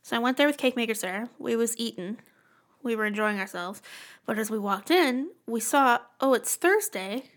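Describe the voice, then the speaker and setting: A young woman in casual podcast chat with a high, bright voice. She tells her stories animatedly and swears freely. Her reactions to everything are big and exaggerated. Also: lively intonation, normal speed. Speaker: podcast co-host.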